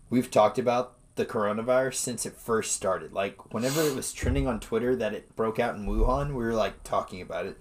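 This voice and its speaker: An excitable man co-hosting a laid-back podcast, his voice jumping up and down in pitch as he chats. He talks casually, tossing in "dude" and the odd swear word. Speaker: podcast co-host. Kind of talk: casual chat.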